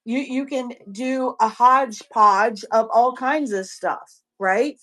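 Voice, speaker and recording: A woman's voice: fairly high pitch, slow, a bit bright. A woman with a Southern US accent on a casual livestream, coaching other sellers in a rambling way, often repeating herself and restarting.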